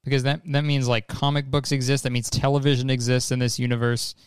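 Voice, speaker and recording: A man's voice: medium pitch, flat delivery, fast, clean tone, no echo, clean studio sound. A young man hosting a casual trailer reaction, rambling and joking with swearing. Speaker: host.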